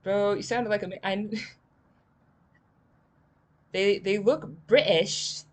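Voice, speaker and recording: A woman's voice: mid-range voice, fairly even intonation, slow. A woman streaming a game, reading its lines aloud and reacting with chatty giggles.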